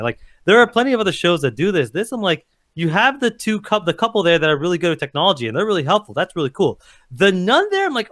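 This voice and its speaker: A man's voice: high-pitched, sing-song, fast, fairly bright tone, no room sound, clean studio sound. A man co-hosting a casual chat, giving rambling, emphatic opinions full of fillers. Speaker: co-host, TV reviewer.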